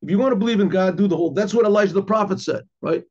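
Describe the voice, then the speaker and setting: A middle-aged rabbi teaches an informal class, his slightly high, husky voice doubling back on phrases and pausing to clear his throat. He tosses out rhetorical questions as he explains a text. The recording sounds dull and lo-fi. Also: a little mellow.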